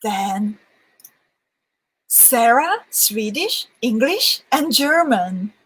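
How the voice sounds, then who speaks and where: A woman's voice: fairly high pitch, big pitch swings, drawn-out words, a bit bright, slightly rough, low-quality recording. A woman hosting a live beading session in a casual, chatty way. She reads viewer comments aloud and often laughs between them. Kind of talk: casual livestream chat.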